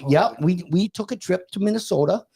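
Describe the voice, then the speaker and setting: A man's voice: high voice, fairly quick, gravelly, background noise. Rambling man co-hosting a podcast. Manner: rambling, laughs often, lots of fillers. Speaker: podcast co-host. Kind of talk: casual chat.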